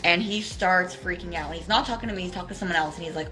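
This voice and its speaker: Woman, from Israel, bright tense tone, animated storytelling, lots of likes. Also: on the low side, fast talker, few pauses, soft background music, low-quality recording. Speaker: interview guest. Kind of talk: casual video-call chat.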